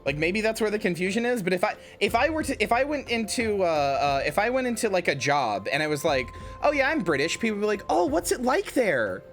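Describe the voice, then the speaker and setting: Animated woman streamer. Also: mid-range voice, quick pace, few pauses, faint music behind. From United States. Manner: animated, exasperated, with restarts and laughs. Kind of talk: casual live-stream chat with viewers.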